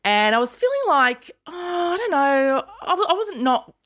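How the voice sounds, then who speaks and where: Her voice sits high and moves at a normal speed: an Australian woman in her fifties hosting a podcast. In casual conversation she tells animated stories, taking on the voices of the characters she quotes.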